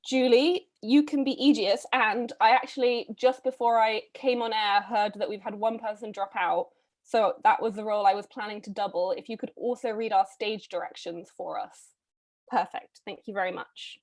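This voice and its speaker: A woman hosting a live online read-through, casting roles in a chatty, brisk way with frequent ums, heard over a video call. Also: medium pitch, fairly even intonation. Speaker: read-a-thon host casting readers.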